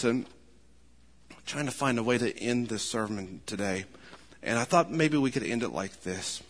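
Fervent male pastor in a reverberant hall. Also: a little high. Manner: builds to fervent emphatic peaks, then drops quiet. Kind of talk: sermon. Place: church.

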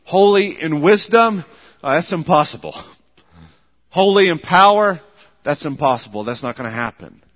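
A man preaching a sermon in a measured, emphatic way, often repeating words for stress. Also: on the high side, lively intonation, fairly bright tone. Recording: long hall reverb.

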